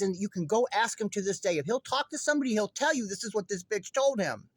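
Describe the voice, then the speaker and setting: A man's voice: sits high, expressive, fast, few pauses, dry recording. A man delivering a heated true-crime monologue straight to his viewers, agitated, profane and rambling. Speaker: online commentator.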